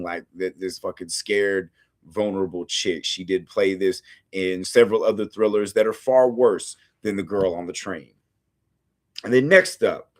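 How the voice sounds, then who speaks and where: A man from the United States with a lowish voice talks through films in a loose, rambling rant. He swears constantly and leans on fillers as he goes. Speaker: host of a film review series. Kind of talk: casual ranting film review.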